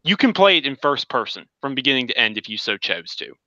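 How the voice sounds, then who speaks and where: A man's voice: medium pitch, quick pace, no room sound, muffled recording. A man co-hosting a casual gaming podcast, telling stories with enthusiasm and acting out quotes. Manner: enthusiastic, animated storytelling with acted quotes. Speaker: podcast co-host.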